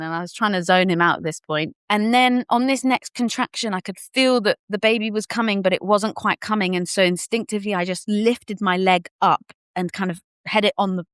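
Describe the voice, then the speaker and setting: A woman's voice: medium pitch, a little fast, hardly any pauses, fairly bright tone, clear, resonant tone, no echo, studio quality. A young adult woman on a podcast, candidly and animatedly telling her personal birth story and acting out what people said. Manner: candid, casual, occasional swearing. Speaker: podcast guest.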